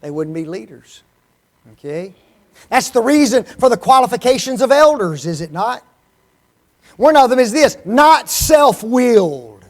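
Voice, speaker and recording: A man preaching a sermon in church, animated, constantly asking the congregation rhetorical questions. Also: high voice.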